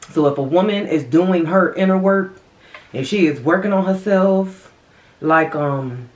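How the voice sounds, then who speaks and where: A woman's voice: on the low side, echoey room. A woman vlogger chatting casually to viewers while eating, calling them y'all, her voice swinging up and down. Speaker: mukbang vlogger.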